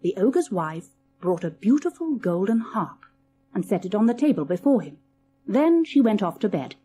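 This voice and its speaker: A woman's voice: medium pitch, big pitch swings, moderate pace, dark tone, a little hiss or hum. A woman narrating a children's storybook audiobook, reading expressively and dramatically.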